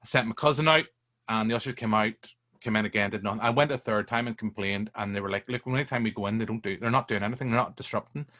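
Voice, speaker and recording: Man, guest in a film chat, bright voice, animated and sweary. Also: lowish voice, fast talker. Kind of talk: casual chat.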